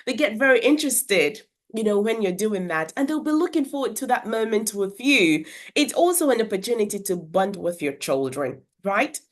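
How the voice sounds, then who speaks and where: Woman, earnest parenting-skills teacher, mid-range pitch, explains and demonstrates. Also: expressive, normal speed, hardly any pauses. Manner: earnest, explanatory, with brief demonstrations of character voices. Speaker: children's communication educator. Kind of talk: instructional talk to parents.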